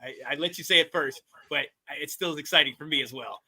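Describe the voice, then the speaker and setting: A man's voice: on the high side, brisk, pushed and bright. A man guest-hosting a casual sports talk show, upbeat and slangy, with frequent laughter. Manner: hype, slangy, laughs often. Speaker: guest host.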